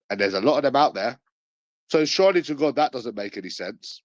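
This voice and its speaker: A man's voice: medium pitch, animated, brisk, no echo, poor audio. A man with a London accent ranting in a repetitive, sweary, sarcastic monologue. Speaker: vlogger.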